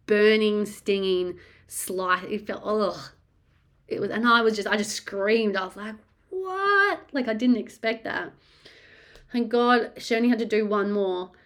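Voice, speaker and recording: A woman hosting a podcast, telling a personal story in a rambling, blunt way and swearing freely. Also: mid-range voice. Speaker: podcast host.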